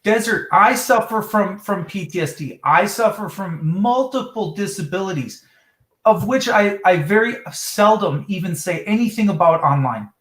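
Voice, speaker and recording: A man's voice: high voice, lively intonation, normal speed, fairly bright tone, roomy sound. A man ranting heatedly on a livestream talk show, swearing and exasperated.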